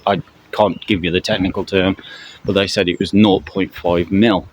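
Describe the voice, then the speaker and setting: A middle-aged man from Britain talking to his viewers while out on a walk, halting and full of fillers, out of breath. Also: deep voice, steady tone, poor audio. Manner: halting, many fillers and restarts. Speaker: camping channel vlogger. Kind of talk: casual spoken update to viewers while walking. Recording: loud outdoor traffic noise.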